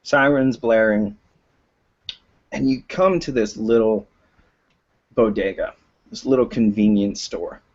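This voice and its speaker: A man's voice: on the low side, takes it slowly, pauses often. A man narrating as game master of a tabletop role-playing game, hesitant and full of fillers. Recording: dull lo-fi recording.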